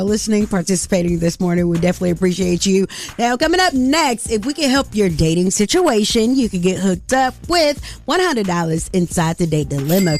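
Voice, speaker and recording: A woman with a Southern US accent co-hosting a morning radio show, chatty and quick to laugh. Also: mid-range voice. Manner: chatty, laughs often, sing-song show tags. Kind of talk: casual radio banter.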